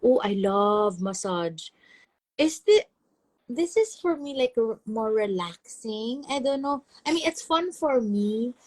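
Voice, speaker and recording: A Filipino woman hosting a casual live chat, talking brightly, laughing often and reading viewer comments aloud. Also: on the high side, animated, slow, no echo. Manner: bubbly, chatty, laughs often, mixes languages. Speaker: host and life coach.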